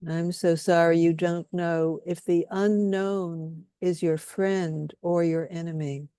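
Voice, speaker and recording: Woman workshop leader, calm guided-healing delivery, dry close sound, lowish pitch. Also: clear, resonant tone, no room sound. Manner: slow, soothing, leads repeated statements.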